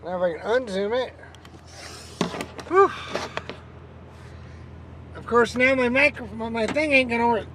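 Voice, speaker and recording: A woman talking to a handheld camera from her car, in a slow, unhurried, rambling way. She chats loosely and laughs a lot. Steady engine noise hums clearly under her voice. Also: a little high. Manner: rambling, chatty, laughs often. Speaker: vlogger. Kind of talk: casual chat to camera. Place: inside a car.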